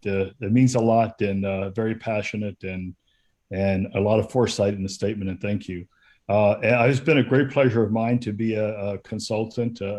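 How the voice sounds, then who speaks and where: A man in his fifties, a guest policy consultant speaking on a webinar, measured and full of hesitant fillers. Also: fairly low pitch, darkish tone. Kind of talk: webinar talk.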